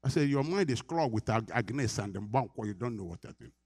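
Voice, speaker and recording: A man's voice: mid-range voice, animated, brisk, darkish tone, breathy edge, no echo, clean studio sound. A middle-aged Nigerian man preaching a sermon as pastor, earnest, repeating his phrases and laughing often.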